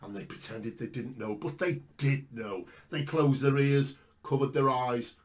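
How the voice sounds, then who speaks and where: A British man preaching an impassioned sermon, swinging between hushed warnings and fervent shouts. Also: mid-range voice, a little slow, hardly any pauses. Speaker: street preacher.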